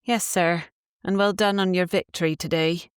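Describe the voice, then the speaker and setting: A woman's voice: lowish voice, steady tone, normal speed, clean tone, no room sound, studio quality, pitched above the performer's own voice, lightly acted. A woman voicing a guarded young Cornish village woman in an audiobook, giving short, subdued replies in dialect.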